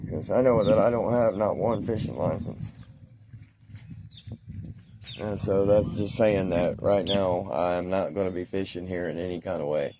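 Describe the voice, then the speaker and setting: A man's voice: low voice, steady tone, moderate pace. Rambling man vlogging outdoors. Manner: rambling, chatty, talks to birds and viewers. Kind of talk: casual outdoor vlog talking to camera. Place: outdoors by a pond or lake. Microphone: phone. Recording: outdoor phone recording with background noise.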